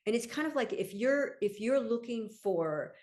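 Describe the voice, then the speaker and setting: A middle-aged woman, a podcast guest and coach, talking in an enthusiastic, gently explanatory way and laughing easily. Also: fairly high pitch, animated, moderate pace. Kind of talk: casual interview chat.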